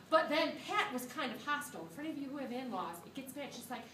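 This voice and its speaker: A woman microbiology teacher telling a funny story to her class, animated and laughing as she acts out what people said. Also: high voice, fast, hardly any pauses, background noise. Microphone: phone camera from a student's seat. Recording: echoey classroom filmed from far off.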